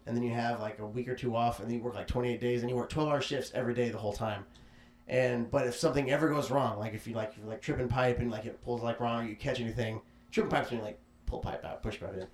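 A young man talks quickly and loosely, stacking "like" and restarts as he rambles through a story. His voice sits at a middle pitch and carries a roomy echo from the space around him. He laughs easily between thoughts. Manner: rambling, filler-heavy, laughs often. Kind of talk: casual podcast chat.

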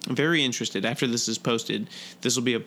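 A man's voice: medium pitch, fast talker, a bit bright, slight background noise. A man co-hosting a casual podcast chat, rambling and swearing a lot, with frequent restarts. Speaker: podcast co-host.

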